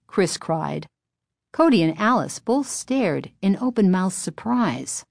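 A woman's voice: low voice, slow, a little mellow, breathy edge, no room sound, studio quality. A woman narrating a children's story aloud, reading expressively.

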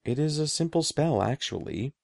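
A man voicing an old, sorrowful male wizard who speaks softly and gravely, halting with grief. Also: on the high side, animated, no echo, studio quality, voice pushed up.

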